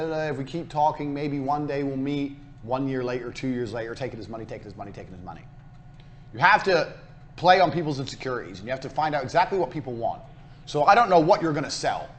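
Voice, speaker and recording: A man giving a recorded business lecture as a course instructor. He is brash, profane and hard-selling, and he hammers his points home by repeating them. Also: fairly high pitch.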